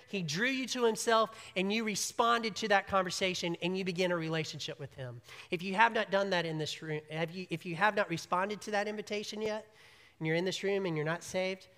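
A pastor delivers an emphatic sermon, building to loud peaks and dropping to hushed, quiet lines. The voice is bright and forceful. A long reverb from the church hall follows every phrase. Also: mid-range voice. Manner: emphatic preaching, swinging between loud and hushed. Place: church sanctuary.

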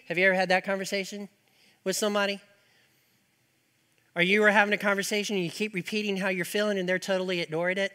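Brief: male preacher, high bright voice, long hall echo, earnest. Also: little pitch movement, fast, pauses often. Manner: earnest, rising to emphatic then dropping soft. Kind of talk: sermon. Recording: reverberant hall.

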